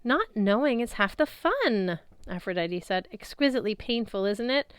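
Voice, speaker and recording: A woman puts on a vain goddess of love, breathy and swooning, stretching out every word. Her voice sits high above a plain reading voice, smooth and clear in a dry, close space. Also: expressive, normal speed, dry recording, natural voice. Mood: gushing. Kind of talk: audiobook reading.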